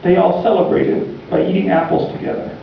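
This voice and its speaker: A man preaching by telling a story in slow, deliberate steps, his voice a touch high for a man. He sounds far from the mic in a big, heavily echoing church, captured on a dull, muffled recording. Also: huge pitch swings, very noisy. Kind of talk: sermon storytelling.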